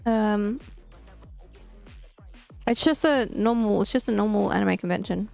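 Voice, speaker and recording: A woman's voice: mid-range voice, unhurried, vocal fry, a little mellow, faint music behind. A young woman with an Australian accent, chatting casually and animatedly while gaming, giggling often and swearing freely. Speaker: streamer.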